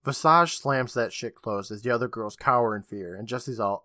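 A man's voice: medium pitch, normal speed, noisy background. A man co-hosting a podcast, recapping an episode in a casual, joking storytelling manner with casual swearing. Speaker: podcast co-host.

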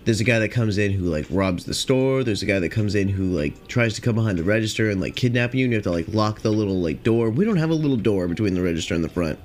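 A young man hosting a podcast, rambling casually and profanely with lots of filler, and high on cannabis. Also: animated, quick pace, hardly any pauses, a little mellow, a little hiss or hum. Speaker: podcast host.

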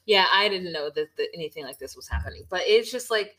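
A woman's voice: on the low side, lively intonation, fast, fairly bright tone. A woman co-hosting a podcast, telling the story in a rambling, frank way with casual swearing. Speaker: podcast co-host. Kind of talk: casual recap chat.

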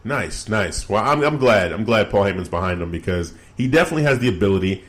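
A man co-hosting a casual wrestling podcast, relaxed and rambling, full of fillers and restarts. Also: on the low side, fast talker. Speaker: podcast co-host.

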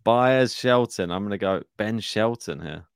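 A man's voice: lowish voice, a little slow, clean tone, no echo, clean studio sound. A man co-hosting a tennis podcast, chatting casually through his bracket picks, laughing often and thinking aloud. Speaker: podcast co-host. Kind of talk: casual tennis draw chat.

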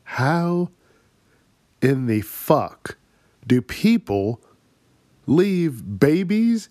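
A man's voice: fairly high pitch, very animated, extremely slow, mellow, no room sound, clean studio sound. A man hosting his own comedy podcast, ranting in exasperated, profane bursts and laughing at his own jokes. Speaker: podcast host. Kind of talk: solo comedic rant.

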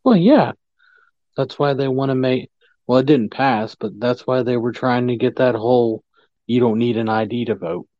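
A man's voice: mid-range voice, normal speed, dark tone, dry recording. A man in casual conversation, mostly agreeing in short replies, recorded on a dull, lo-fi microphone. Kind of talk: casual chat. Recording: dull, lo-fi dry mic.

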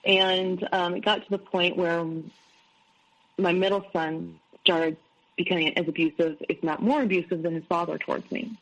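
A woman's voice: on the low side, fairly even intonation, moderate pace, fairly bright tone, rough recording. A middle-aged woman, an interview guest, candidly recounting her own experiences and quoting what others said. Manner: candid, recounts events with quoted dialogue. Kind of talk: personal storytelling.

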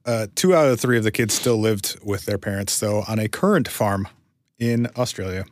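A man's voice: lowish voice, moderate pace, no echo. A man co-hosting a podcast in casual chat, making dry, sardonic asides. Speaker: podcast co-host.

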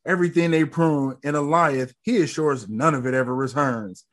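A man's voice: a little high, normal speed, fairly bright tone. A man retelling a show scene by scene in a laid-back chat, swearing now and then. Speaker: podcast co-host recapping an episode. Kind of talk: casual recap chat.

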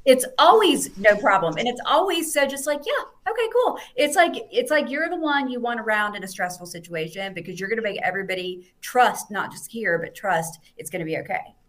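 A woman on a podcast, chatting casually and telling a story in animated bursts, quoting people in lively voices. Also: mid-range voice, a little fast, few pauses. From United States. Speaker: podcast guest.

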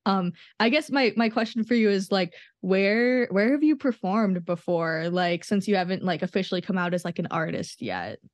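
A woman's voice: medium pitch, lively intonation, moderate pace, few pauses, no room sound. Gushing young woman podcast host, dry sound. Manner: gushing, enthusiastic, lots of "oh my God". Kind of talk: casual interview chat.

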